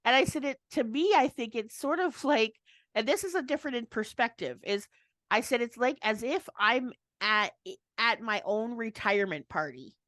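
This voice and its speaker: A woman's voice: on the high side, animated, normal speed, a bit bright, dry recording. A woman co-hosting a casual chat, rambling and laughing often as she restarts her thoughts. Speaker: co-host.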